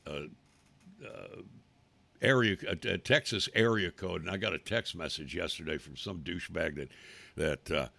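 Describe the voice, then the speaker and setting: A man hosting a talk show, ranting angrily and profanely, swinging from shouts to mutters. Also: deep voice, vocal fry. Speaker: radio talk host. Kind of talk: angry political rant.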